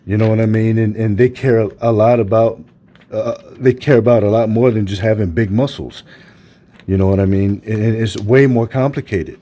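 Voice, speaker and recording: A man's voice: fairly low pitch, fairly even intonation, moderate pace, mellow. A middle-aged man, a personal trainer, ranting heatedly with constant profanity and repeated emphatic phrases.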